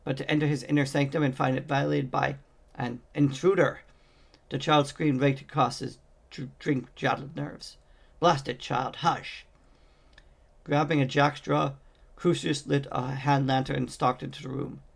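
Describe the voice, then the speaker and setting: An amateur audiobook narrator reads a fantasy novel aloud, often slipping and restarting on words. His medium-pitched voice has vocal fry and a flat delivery at a normal speed.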